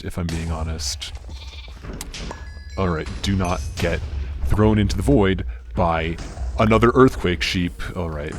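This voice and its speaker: A man giving casual gameplay commentary in a soft, muted, mumbly, low-energy way. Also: slight background noise. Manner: low-energy, understated, self-deprecating. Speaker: gaming channel host.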